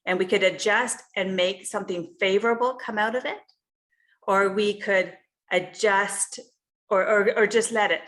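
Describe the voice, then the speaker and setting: A woman's voice: medium pitch, fairly even intonation, normal speed, a bit bright. A woman leading an online coaching session over a video call, talking in a conversational way and often checking in with "you know" and "right?". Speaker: health and life coach.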